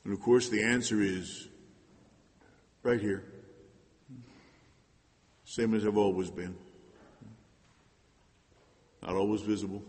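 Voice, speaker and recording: A man preaching a sermon in an earnest way, moving between loud emphasis and hushed asides. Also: fairly low pitch, level tone, slow pace, pauses often. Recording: long hall reverb.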